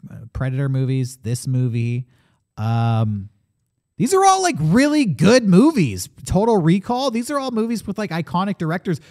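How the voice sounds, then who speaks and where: Animated man retelling movie scenes. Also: high voice, moderate pace. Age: adult, grew up watching 1980s-90s films. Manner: animated storytelling, acts out quotes. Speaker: podcast co-host. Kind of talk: casual movie discussion.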